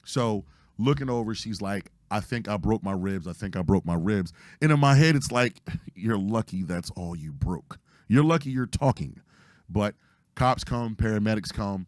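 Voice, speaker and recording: Hoarse man. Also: on the low side, normal speed, dry recording, studio quality. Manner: animated, profane retelling with acted-out quotes. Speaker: podcast host. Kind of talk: casual storytelling.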